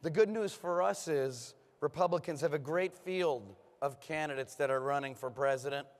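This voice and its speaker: Man, party chairman at the podium, hoarse voice, rousing rally delivery, big reverberant conference hall. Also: a little high, moderate pace. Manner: rousing, punchy applause lines. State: hoarse, losing his voice. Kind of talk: political rally speech.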